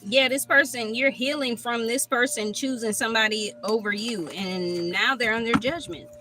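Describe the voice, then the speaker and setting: A woman giving a live tarot reading from a park on her phone, blunt, profane and animated. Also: a little high, moderate pace. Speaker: tarot reader. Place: outdoors at a park.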